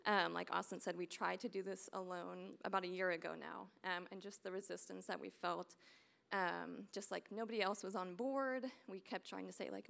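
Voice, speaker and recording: Earnest young woman with a gravelly edge. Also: fairly low pitch, fairly even intonation, moderate pace, fairly bright tone. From United States. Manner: earnest, rambling with many fillers. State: getting emotional. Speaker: church member sharing testimony. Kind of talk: personal testimony in church.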